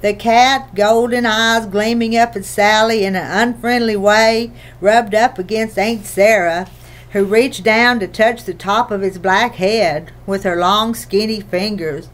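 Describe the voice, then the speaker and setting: A woman narrating a children's novel in a gentle, even storytelling manner. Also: mid-range voice, a little slow. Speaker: audiobook reader.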